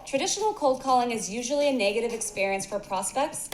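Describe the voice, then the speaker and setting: A woman's voice: a little high, animated, quick pace. A woman giving polished, upbeat scripted narration for a corporate training video. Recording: echoey, with background music.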